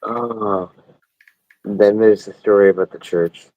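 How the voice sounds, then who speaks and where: A man hosting a stream, telling a story in a rambling, profane, animated way. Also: fairly low pitch, takes it slowly, lo-fi sound. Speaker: stream host. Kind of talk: casual storytelling.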